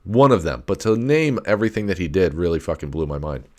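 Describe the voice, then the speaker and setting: A man's voice: low-pitched, very animated, quick pace, a little mellow. A young adult man ranting casually as a podcast host, rambling and profane, with many fillers and restarts. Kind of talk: casual solo rant.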